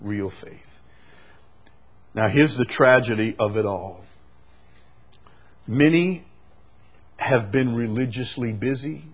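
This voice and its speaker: A man preaching a sermon, moving from quiet, conversational explanation to loud, emphatic, repeated declarations. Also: mid-range voice. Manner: swings from quiet explaining to shouted emphatic climaxes.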